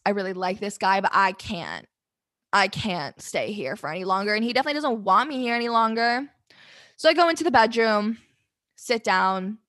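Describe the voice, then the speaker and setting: A young woman tells a candid, rambling story to the camera, flustered, near tears, and swearing freely. Her voice is medium-pitched with a fairly bright tone.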